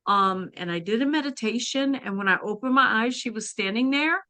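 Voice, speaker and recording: A woman guest on a podcast telling a personal spiritual story in an earnest, halting way. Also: fairly high pitch, lively intonation, sharp tone, no echo.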